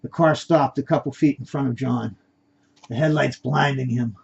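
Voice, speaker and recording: A man's voice: mid-range voice, normal speed, vocal fry, breathy edge, dull audio. A man reading his own story aloud in a plain amateur way, with stumbles and restarts.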